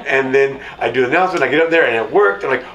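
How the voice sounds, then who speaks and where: A man's voice: mid-range voice, very fast, fairly bright tone, highs cut off, slight background noise. A male comedian chatting casually and laughing about nerves before a show. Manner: laughing, easygoing. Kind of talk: casual chat. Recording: echoey room.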